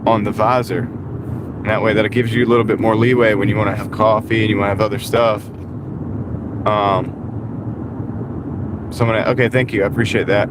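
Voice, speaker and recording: A man's voice: fairly low pitch, little pitch movement, normal speed, long pauses, heavy background noise. Rambling Southern man chatting from his van. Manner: rambling, says "like" and "dude" often. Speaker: delivery driver streaming. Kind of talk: casual livestream chat while driving. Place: inside a van. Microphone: wireless clip-on mic.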